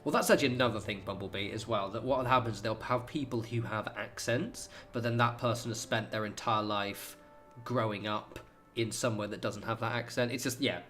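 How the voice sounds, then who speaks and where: A man's voice: on the low side, a little fast, a bit bright, faint music behind. A man streaming a game, chatting casually in a rambling, sweary way with lots of fillers. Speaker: gaming streamer. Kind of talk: casual chat while playing.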